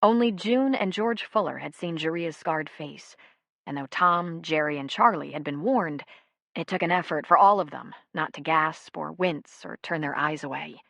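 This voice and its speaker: A woman reading an audiobook in steady, even scripted narration. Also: sits low, moderate pace, gravelly, no echo.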